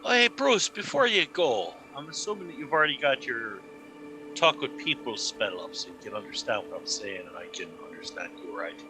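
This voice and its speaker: A man's voice: lowish voice, fairly quick, music in the background, rough recording. A man playing a tabletop game, joking wryly with the table. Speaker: player.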